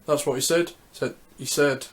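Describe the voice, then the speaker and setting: This man's voice is fairly high, with fairly even intonation and a normal pace. He's a YouTuber ranking the Olympic Games in casual commentary, speaking hesitantly, repeating words, and saying "so yep" when he's stuck for something to say.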